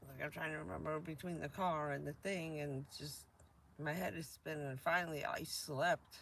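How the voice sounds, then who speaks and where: Gravelly, chatty woman live-streaming. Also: deep voice, fairly even intonation, moderate pace, a bit bright, slight background noise. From New Jersey. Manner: rambling, chatty, laughs often. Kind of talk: casual live-stream chat.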